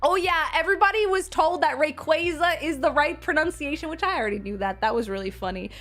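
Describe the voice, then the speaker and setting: Woman streamer, high voice, bubbly and effusive, casual chat, faint music behind. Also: animated, fast talker, fairly bright tone. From Seattle area. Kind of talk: casual livestream chat with viewers.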